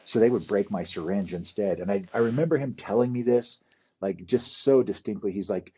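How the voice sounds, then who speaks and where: A man's voice: fairly low pitch, a little fast, warm tone, husky. A middle-aged man telling candid, profane stories from his past in a casual interview. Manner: candid, profane, rambling storyteller. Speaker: podcast guest.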